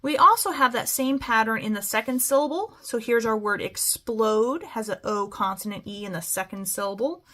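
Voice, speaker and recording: A woman's voice: a little high, fairly bright tone. A woman teaching a phonics lesson to children, stretching out words as she models them. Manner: slow, stretched-out word modeling.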